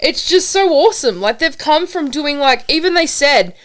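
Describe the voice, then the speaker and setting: An Australian woman with a high, lively voice co-hosts a podcast. She gushes, gets excited easily and swears in passing. Her pitch swings widely as she talks. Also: moderate pace. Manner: excitable, gushing, swears casually. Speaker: podcast co-host. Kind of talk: casual chat.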